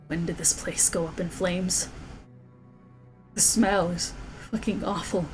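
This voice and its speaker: Woman dm describing scenes real slow, lowish voice, soft music going. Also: poor audio. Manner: slow, intense descriptive narration. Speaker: dungeon master. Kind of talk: narrating a tabletop game. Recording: faint background music.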